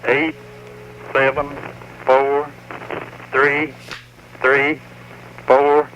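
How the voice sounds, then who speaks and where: A man calling in to a radio contest, speaking slowly and hesitantly. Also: medium pitch, flat delivery, a bit bright, lo-fi sound, slight background noise.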